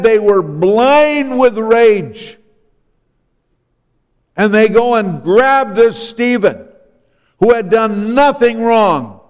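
A man's voice: high voice, clear, resonant tone. A man preaching a sermon, retelling scripture stories and voicing the people in them. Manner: storytelling, acting out the biblical speakers. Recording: long hall reverb.

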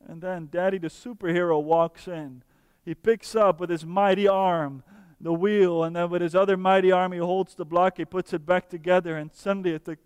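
A man preaching a sermon earnestly, slowing down for emphasis and dropping to soft, quiet tones. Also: high-pitched, fairly even intonation, clear, resonant tone, dry recording, in a large hall.

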